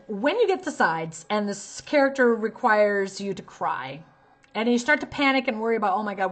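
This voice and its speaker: A woman's voice: mid-range voice, a bit bright. A woman talent manager giving direct, emphatic advice to actors and acting out short examples as she goes. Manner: direct, talks straight to viewer.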